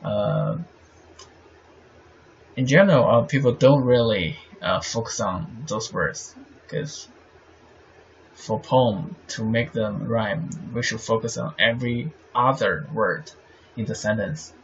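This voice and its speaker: A man talks through a lesson at a very slow pace, his voice gravelly at the edges. He stops often, fills gaps with "uh," and keeps checking in with "right?". The recording sounds a little dull, with faint noise behind him. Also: lowish voice. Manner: halting, many fillers, asks "right?" often. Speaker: teacher. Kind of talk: explaining Chinese poetry meter.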